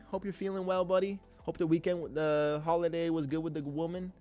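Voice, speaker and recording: A man hosting a live trading stream, talking in an energetic, slangy way with the odd swear word and frequent shout-outs to viewers by name. His voice sits somewhat high for a man. Faint music plays quietly behind him. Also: fairly quick, hardly any pauses. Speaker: livestream host and day trader. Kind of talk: live trading commentary, casual chat.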